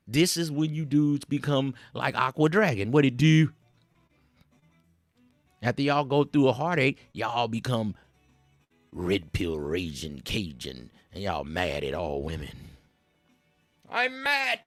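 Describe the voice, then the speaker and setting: A man hosting a livestream, ranting in casual street slang, preachy and animated, with frequent repeats. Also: medium pitch, slow, long pauses, dry recording, soft background music. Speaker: livestream host.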